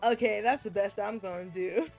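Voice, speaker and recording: A woman's voice: medium pitch, normal speed, vocal fry, a little mellow, faint music behind. A woman streaming a visual novel, making giggly, self-deprecating asides between lines. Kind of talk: casual game stream commentary.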